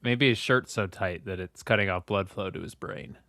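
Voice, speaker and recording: A man's voice: on the low side, moderate pace, a bit bright, dry recording. A man co-hosting a casual chat about movies, dropping dry joking asides. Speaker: podcast co-host.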